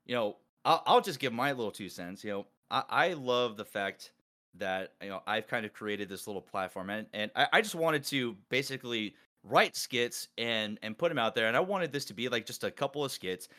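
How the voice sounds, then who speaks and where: A man hosting a casual group call, talking excitedly and rambling with many restarts. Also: mid-range voice, moderate pace. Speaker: podcast host and collab organizer.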